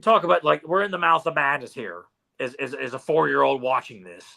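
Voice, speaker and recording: A man co-hosting a podcast, recapping a cartoon in casual chat, animated and restarting often. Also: medium pitch, a little fast, creaky. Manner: animated, acts out quotes with many restarts. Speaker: podcast co-host.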